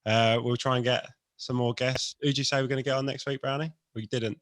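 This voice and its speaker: A man's voice: medium pitch, level tone, a little fast, a bit bright, no echo. A man from England hosting a podcast, laughing often and wrapping up politely. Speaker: podcast host. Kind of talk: casual chat.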